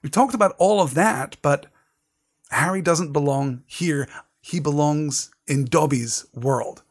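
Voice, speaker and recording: A man's voice: on the high side, takes it slowly, breathy edge. A man leading a literature seminar, talking in a thoughtful, digressive way with restarts. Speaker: seminar leader.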